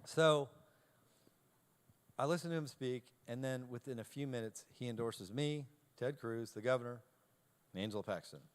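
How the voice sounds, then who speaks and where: A man of ordinary, mid-range pitch speaks to a live audience and tells a humorous story about himself. He acts out both sides of each exchange and pokes fun at his own nerves. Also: normal speed, pauses often. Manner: animated storyteller, self-deprecating, acts out dialogue. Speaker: keynote speaker.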